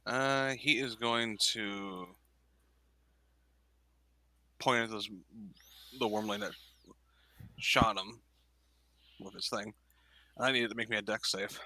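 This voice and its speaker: A man playing a tabletop game, talking haltingly with many fillers as he explains his character's moves. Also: lowish voice, steady tone, sharp tone, no echo. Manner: halting, hesitant speech with many "uh"s. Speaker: player.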